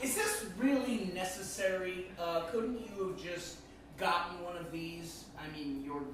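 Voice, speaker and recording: An improv performer playing a reporter who asks slow, drawling questions from the crowd. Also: mid-range voice, lightly acted. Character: slow-talking reporter with a Canadian manner. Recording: far off, echoey, loud room noise.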